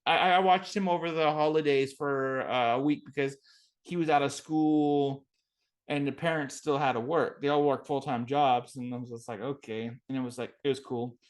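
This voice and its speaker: A man's voice: medium pitch, steady tone, normal speed. A man hosting a podcast, telling rambling, profane stories in casual chat and acting out quotes. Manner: rambling, profane storyteller who acts out quotes. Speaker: podcast host.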